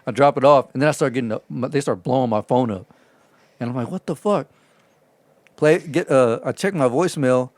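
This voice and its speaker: A man co-hosting a podcast, telling a story in casual, profane chat and acting out the shouted lines in it. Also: mid-range voice, a little fast, no echo. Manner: profane, animated, acts out shouted quotes. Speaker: podcast co-host.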